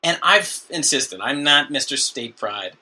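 A man co-hosting a comedy podcast in casual banter, joking and dropping into quick mock voices. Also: mid-range voice, lively intonation, bright, forceful tone. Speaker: podcast co-host.

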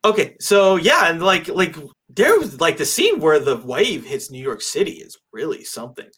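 A man's voice: a little high, very animated, moderate pace, a bit bright, husky. A man in casual conversation about a film, rambling with lots of fillers and restarts. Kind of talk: casual movie discussion.

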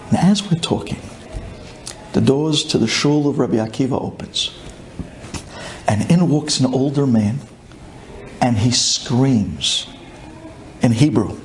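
A man from Brooklyn, telling a personal story with excitement, dropping low and then bursting into shouts. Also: unhurried, pauses often, slight background noise. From Brooklyn, USA. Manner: excitable, swings from hushed to shouting.

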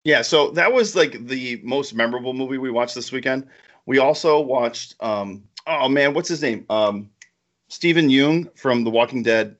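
Man, podcast co-host, casual chat, excitable, rambling, mid pitch, slightly muffled recording. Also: normal speed. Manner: excitable, laughs often, rambling.

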